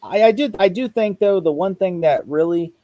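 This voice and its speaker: A man in a casual movie discussion, talking in an animated way, retelling scenes and often repeating phrases. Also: sits high, moderate pace, a little hiss or hum. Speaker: podcast co-host.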